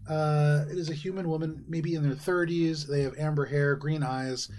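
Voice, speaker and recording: A man narrating a fantasy tabletop game as game master, relaxed and chuckling between descriptions. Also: fairly high pitch, normal speed. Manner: relaxed, with frequent ums and laughs.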